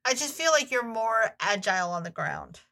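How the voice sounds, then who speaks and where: Woman from Florida, co-host, casual chat, sarcastic, quick interjections, bright, fairly high. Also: sing-song, gravelly. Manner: quick agreeing interjections and dry sarcastic quips. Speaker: podcast co-host.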